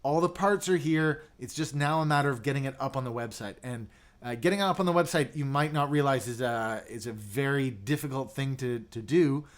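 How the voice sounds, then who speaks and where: A man hosts a casual livestream, talking loosely and reading out viewer comments, with plenty of fillers and restarts. His voice is medium-pitched and brisk.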